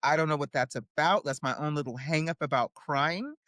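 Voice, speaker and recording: Low-pitched and brisk, a woman speaks in clean studio sound with no room tone. She's an indie author and publisher sharing her story in a casual guest interview, lively and animated, acting out quoted voices, with "right?" tagged onto many lines.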